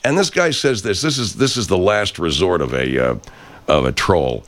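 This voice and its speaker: A man's voice: deep voice, lively intonation, moderate pace, fairly bright tone. A man hosting a show, ranting in a brash, foul-mouthed, rambling monologue. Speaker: host. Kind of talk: profane rant monologue.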